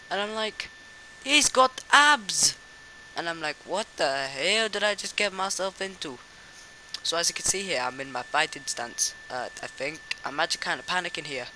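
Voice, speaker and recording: A young man giving rambling, excitable comic voice-over narration about a backyard wrestling match, often stumbling and restarting. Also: fairly high pitch, a little hiss or hum, rough recording.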